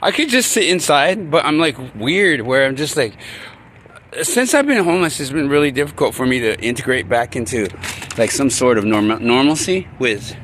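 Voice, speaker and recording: A man's voice: medium pitch, sing-song, normal speed, a bit bright. Rambling man vlogging at a bus stop. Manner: candid, rambling, many fillers and restarts. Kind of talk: rambling personal vlog. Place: outdoors at a city bus stop. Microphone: handheld camera. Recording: outdoor street noise and traffic.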